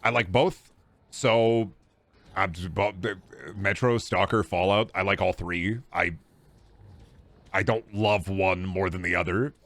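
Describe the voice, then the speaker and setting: A man's voice: sits low, fairly even intonation, a little slow, a bit bright, no room sound. A man streaming a game, rambling and joking with chat and swearing freely. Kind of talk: casual live gameplay commentary.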